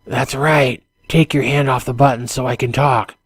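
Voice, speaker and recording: A man voicing a cold middle-aged ship survivor in a light French accent, speaking flatly like a late-night announcer, as whispered role-play. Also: medium pitch, moderate pace, slightly rough, dry recording, pitched above the performer's own voice, close to an everyday voice. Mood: stern. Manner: flat, emotionless announcer-like delivery.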